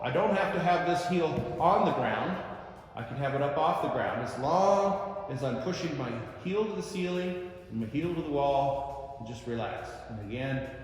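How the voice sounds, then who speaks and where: Guy walking you through karate stretches, calm and steady, big echo, long hall reverb. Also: a little high. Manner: calm step-by-step coaching, counts slowly while holding a stretch. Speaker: karate instructor. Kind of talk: instructional demonstration. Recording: very echoey long-reverb room.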